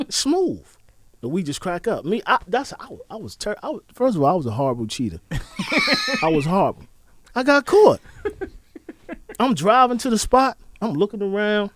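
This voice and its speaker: A podcast co-host, a man, talks in a high, lively voice that swoops up and down as he acts out bits of dialogue. The sound is dry and close, with no room around it. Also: moderate pace, long pauses, dry recording. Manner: animated storyteller, acts out quotes. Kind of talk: casual chat.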